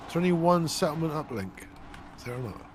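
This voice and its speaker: Man, casual gaming chat, agreeable, quippy, lively pitch, slightly high. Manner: laid-back, agreeable, quick quips. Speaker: co-player. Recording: clear crowd noise behind.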